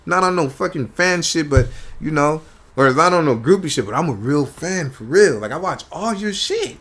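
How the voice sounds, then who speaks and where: A man's voice: a little high, moderate pace. A man, a comedian guest on a podcast, telling stories casually in a studio and acting out what people said. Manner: animated storyteller acting out quotes. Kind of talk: casual storytelling chat.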